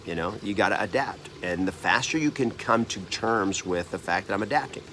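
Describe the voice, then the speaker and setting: Brisk and on the low side, with a pushed, bright tone, a real estate coach in his fifties recounts a personal story to camera. He rambles earnestly, restarting and fixing his words often, and there's a little hiss or hum.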